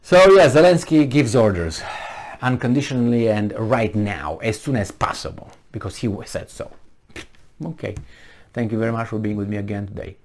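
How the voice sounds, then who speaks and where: A man's voice: fairly low pitch, normal speed, a little mellow. A man hosting a solo commentary vlog, talking emphatically with rhetorical questions and frequent restarts. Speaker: channel host.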